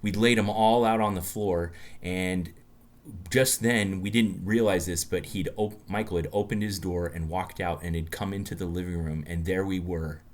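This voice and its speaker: A man from the United States with a very low voice, co-hosting a relaxed podcast chat. He tells stories in a loose, chatty way, often stopping and restarting his sentences. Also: normal speed. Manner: chatty storyteller, many restarts. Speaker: podcast co-host. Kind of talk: casual chat.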